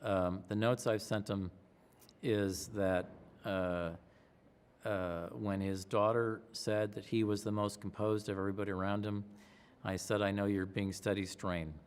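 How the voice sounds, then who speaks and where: A man's voice: on the low side, a little slow, clean tone. Middle-aged man telling stories, reverberant sound. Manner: lively storyteller acting out others' voices. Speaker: pollster interviewee. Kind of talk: anecdotal interview storytelling.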